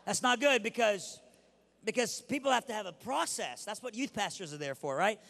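A preacher man from Iran telling a comedic story in a sermon at a youth event, animated and blunt, acting out the voices he quotes. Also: high-pitched, normal speed, creaky. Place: large hall at a youth event. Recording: long reverb of a large hall.

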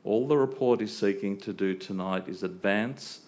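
A man answering as a council planning director, measured and explanatory with frequent ums. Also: fairly low pitch, a little mellow. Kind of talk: formal official reply. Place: council chamber.

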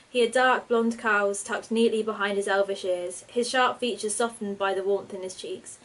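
A woman's voice: mid-range voice, rough recording. Woman reading a storybook aloud. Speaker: author reading her story. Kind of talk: storybook narration.

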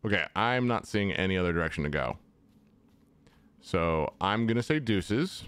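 A man's voice: sits low, lively intonation, normal speed, fairly bright tone, clear, resonant tone, no echo. A young man casually commentating his own gameplay, chatty and jokey, talking to the enemies on screen. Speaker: gaming channel host. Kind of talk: casual let's-play commentary.

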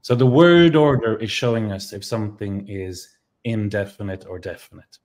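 Irish man explaining grammar, lowish voice. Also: normal speed, a little mellow. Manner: thinks aloud with many ums and restarts. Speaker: Irish language teacher. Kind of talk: explaining grammar in a relaxed two-person lesson.

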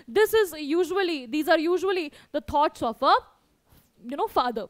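A woman's voice: high-pitched, expressive, moderate pace, no echo. A woman teaching an online class, reading a story aloud and explaining it in simple words. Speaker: English teacher.

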